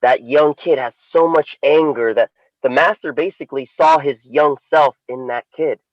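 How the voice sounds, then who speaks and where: Animated man telling a story, dry sound. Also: normal speed, no room sound, muffled recording. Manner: animated storyteller, swings pitch for emphasis. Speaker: podcast co-host. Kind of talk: casual storytelling chat.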